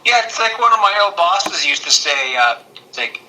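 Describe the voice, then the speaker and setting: A man co-hosting a podcast, telling jokey stories in an animated way. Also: fairly high pitch, moderate pace, rough recording. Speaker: podcast co-host. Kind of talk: casual chat.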